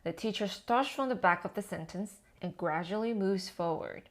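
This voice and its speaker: A woman educator giving a scripted lesson on language teaching, with measured, explanatory delivery. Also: mid-range voice. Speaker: TESOL educator.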